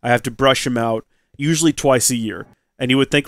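A man's voice: medium pitch, a little fast, no echo. A man hosting a let's play, telling a rambling story from his recording desk at home. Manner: chatty, rambling, rising excitement in anecdotes. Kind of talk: casual storytelling to viewers.

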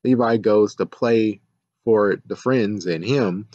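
A man's voice: on the low side, takes it slowly, a little mellow, dry recording, muffled recording. A man recapping and reviewing a show episode in a casual, rambling way, sarcastic and exasperated, with mild swearing.

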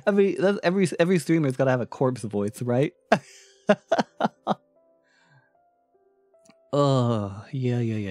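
A man chatting casually on a live stream, playful and quick to laugh, shifting his voice from bright to low. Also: expressive, no echo, faint music behind.

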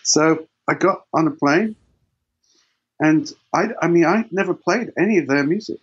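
A man's voice: on the high side, normal speed, slightly rough, muffled recording. A man, a guitarist guest in an interview, telling long rambling anecdotes with many restarts. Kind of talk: casual storytelling interview.

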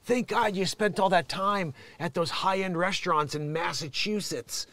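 Man doing caddish British chef, prissy mockery, raised pitch. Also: normal speed, fairly bright tone. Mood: mocking. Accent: British, as put on. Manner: mocking, prissy.

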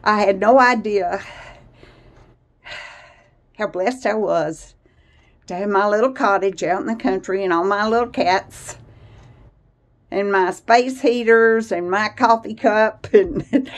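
This vlogger's mid-range voice moves slowly, broken by long pauses, as she talks casually to viewers from the kitchen of her country cottage. She rambles, laughs a lot, and seems slightly breathless.

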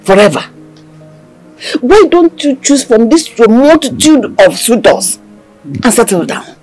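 An actress playing a middle-aged Nigerian mother in a film drama, coaxing and chiding her daughter in a husky voice, mixing in Igbo phrases. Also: a little high, very animated, slow, a little mellow, soft background music, full character voice.

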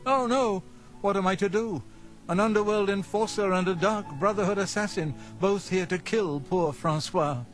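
A man's voice: high-pitched, moderate pace, faint music behind, natural voice. An actor playing a nervous, fussy male nobleman in a video game, flustered and apologetic, with an overdone foreign lilt. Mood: panicked.

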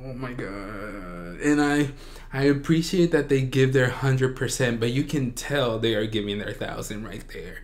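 A man hosting a reaction video, gushing with excitement and often breaking into shrieks and squeals. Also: medium pitch, normal speed. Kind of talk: excited fan reaction commentary.

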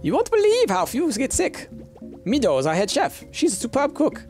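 A streamer doing a cheery inn tour guide who pitches everything in a raised, lilting, salesy voice, up and down like a hotel brochure read aloud. Faint game music runs underneath. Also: huge pitch swings, moderate pace, exaggerated voice. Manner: bright, salesy hospitality patter.

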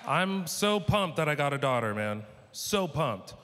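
Male stand-up comic from San Diego, punchy and animated, bright voice, recorded live on a stage with long reverb and faint noise. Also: fairly high pitch, unhurried, a faint crowd. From San Diego, California. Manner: animated, punchy storytelling with acted-out quotes. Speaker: stand-up comedian. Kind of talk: stand-up comedy set. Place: stage at a live comedy show.

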